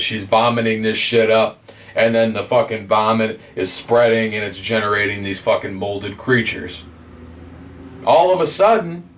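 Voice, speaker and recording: A man giving a rambling game review, full of constant swearing and animated retelling. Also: medium pitch, far from the mic. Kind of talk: profane ranting game review.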